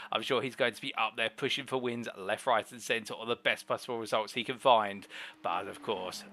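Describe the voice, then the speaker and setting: A man's voice: mid-range voice, bright, forceful tone, slight background noise. A man hosting a live sim racing broadcast, interviewing drivers in formal, flowing commentary phrasing.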